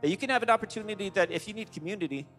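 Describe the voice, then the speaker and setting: A male pastor preaching a sermon to a congregation, animated and emphatic, with frequent restarts. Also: high-pitched, rapid-fire, faint music behind. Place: large church hall. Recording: long hall reverb.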